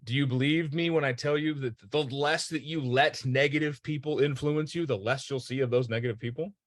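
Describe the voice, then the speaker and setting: A man's voice: medium pitch, steady tone, fairly quick, no room sound, studio quality. Earnest motivational male host. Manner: earnest and emphatic, with rhetorical questions. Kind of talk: motivational talk.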